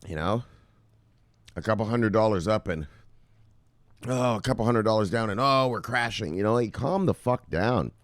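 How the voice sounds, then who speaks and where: A man presenting crypto news in casual, profane commentary, rambling and swinging from loud outbursts to muttered asides. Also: fairly low pitch, lively intonation, moderate pace, pauses often, no room sound.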